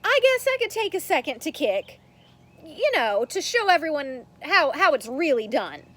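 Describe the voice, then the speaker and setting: A woman's voice: high voice, sing-song, normal speed, fairly bright tone, pitched above the performer's own voice. A woman voicing a boastful, bossy schoolboy who is the class kickball star, reading a storybook aloud. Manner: brash, taunting.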